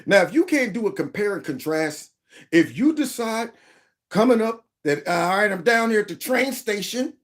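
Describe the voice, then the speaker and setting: Animated man reacting to clips. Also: high-pitched, moderate pace. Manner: animated, exclaiming, mock-quoting others. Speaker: commentary channel host. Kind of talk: reaction commentary on video clips.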